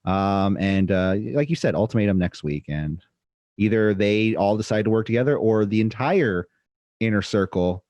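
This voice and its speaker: Man, fairly low voice, casual wrestling podcast co-host, hesitant, wry, dry recording. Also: normal speed, a little mellow, no echo, dull audio. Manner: reads from notes, hesitant, adds wry asides. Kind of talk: casual wrestling review chat.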